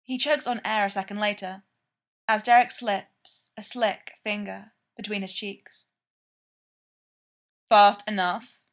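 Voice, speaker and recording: A woman reading a story aloud, narrating in a slow, measured way. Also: mid-range voice, fairly even intonation. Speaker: reader of fan fiction.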